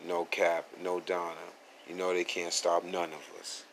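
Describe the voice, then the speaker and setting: A man's voice: low-pitched, monotone, unhurried, very noisy. A man hosting his own podcast, telling a story from work in a boastful, streetwise, profane manner. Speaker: podcast host. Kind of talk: casual storytelling. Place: outdoors at a fair, at work. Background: faint outdoor ambience, people walking by.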